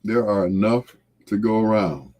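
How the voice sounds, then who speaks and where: A man hosting a late-night radio show, talking in a slow, reflective, heartfelt way and trailing off softly. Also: fairly low pitch. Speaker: radio host.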